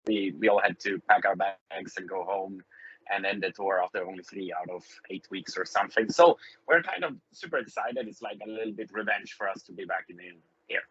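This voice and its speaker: A middle-aged man with a Swedish accent, a touring musician chatting as a podcast guest, hesitant and filling pauses with "uh". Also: deep voice, pushed and bright, slightly rough, highs cut off. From Sweden. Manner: hesitant, many fillers, friendly. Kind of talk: casual interview chat.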